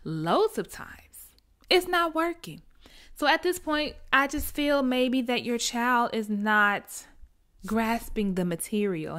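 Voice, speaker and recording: A young woman chatting casually through a TV episode recap, animated and acting out the characters' lines as she goes. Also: medium pitch. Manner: animated storyteller who acts out character lines. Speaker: TV recap vlogger.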